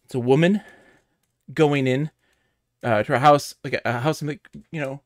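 A man with a mid-range voice talks at a normal speed, pausing often, in clean studio-quality sound with no echo. He's streaming a video game from home, chatting casually in a giggly, rambling way and telling animated stories for his live-stream audience.

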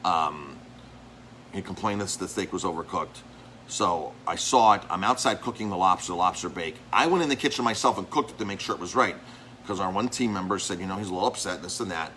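Bright-voiced man ranting casually. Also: low voice, fairly quick, slight background noise, rough recording. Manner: rambling, with many restarts and repeated words. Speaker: restaurant owner and chef. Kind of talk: casual talk to camera.

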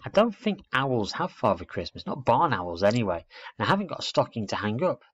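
A man's voice: medium pitch, very animated, fairly quick, fairly bright tone, slightly rough, no room sound, voice pushed up. A man voicing a curious, timid baby barn owl who asks wide-eyed questions. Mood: wistful. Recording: dull, muffled dry recording.

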